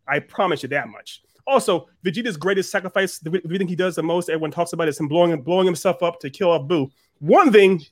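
A man's voice: sits high, dry recording. A man arguing his side in a heated casual debate, incredulous and repeating himself when fired up.

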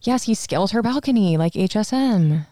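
A woman's voice: mid-range voice, animated, moderate pace, dark tone, no echo, clean studio sound. A young woman co-hosting a podcast, chatting casually as she recaps a movie and acts out the characters' lines. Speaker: podcast co-host.

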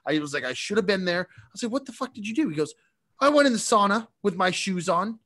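A man co-hosting a casual podcast, telling an animated story and often laughing. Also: sits high, fast talker. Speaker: podcast co-host.

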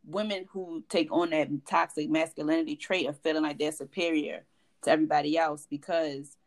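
A woman cohosting a podcast in casual chat, candid and expressive, acting out quotes as she tells stories. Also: low-pitched, brisk.

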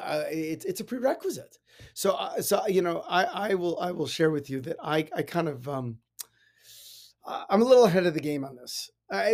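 A man, a rabbi, giving a casual spiritual talk and telling personal stories, animated with many restarts. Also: fairly high pitch. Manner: animated storytelling with frequent restarts and laughs. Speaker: rabbi, podcast host.

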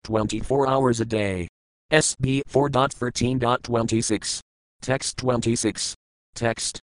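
A man giving a measured, scripted reading of verses, word-by-word meanings and commentary. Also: medium pitch, steady tone, dry recording, rough recording. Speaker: scripture reader.

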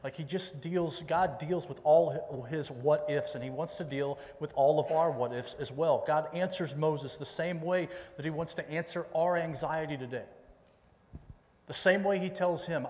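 Casual preacher in an echoing hall. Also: male voice, a little high, normal speed, darkish tone. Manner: conversational, repeats himself, folksy asides. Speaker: pastor. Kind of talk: sermon. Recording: long reverb in a large hall.

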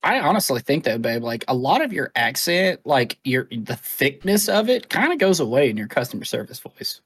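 Male podcast co-host, husky voice, teasing banter, casual swearing. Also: medium pitch, sing-song, moderate pace, a bit bright. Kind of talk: casual chat.

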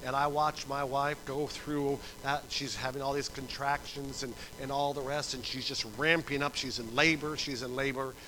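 A middle-aged man preaching a sermon, telling stories with acted-out voices and swinging from soft to loud. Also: medium pitch, level tone, normal speed, hardly any pauses, low-quality recording. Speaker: pastor.

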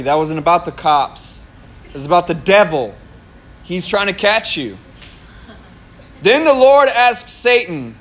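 A man's voice: fairly high pitch, moderate pace. A male pastor preaching a sermon, telling a personal story with laughter and acted-out quotes. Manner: animated, laughing at himself, acts out his own past words.

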